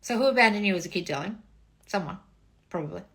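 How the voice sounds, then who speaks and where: A woman in her forties, a dating and manifestation coach, chatting casually on a livestream with blunt, profane tough love and swooping high replies. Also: lively intonation, fast talker, fairly bright tone. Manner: sweeping high "oh wonderful, darling" replies. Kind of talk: casual livestream chat reading comments.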